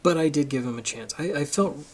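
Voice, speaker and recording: A man's voice: a little high, expressive, fairly quick, darkish tone, slight background noise. A man giving a casual, emphatic opinion monologue for his video channel, getting worked up as he argues his point. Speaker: political commentary vlogger.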